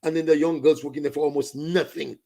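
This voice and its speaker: A man's voice: on the high side, steady tone, quick pace, vocal fry, mellow. A man with a Saint Lucian accent ranting about politics, slipping into Creole and French. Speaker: political commentator. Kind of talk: impassioned political rant.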